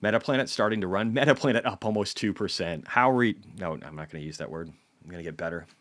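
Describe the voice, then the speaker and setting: Male streamer, deep low voice, dry close mic, swearing casual market chatter. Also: quick pace, no echo. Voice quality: blunt and profane, swings between mumbling asides and loud bursts. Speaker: stock market livestream host. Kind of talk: casual live trading stream.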